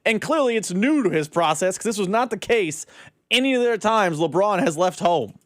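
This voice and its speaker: A man's voice: sits high, expressive, brisk, dry recording. A man co-hosting a casual sports talk radio show, offering puzzled, mocking commentary into a studio microphone.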